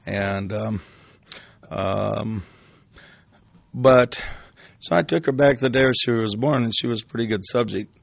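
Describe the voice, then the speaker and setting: An older hypnotist rambles casually through stories of his experiences, restarting sentences and using fillers. His low, gravelly voice moves at a measured pace with frequent pauses. The recording is dry.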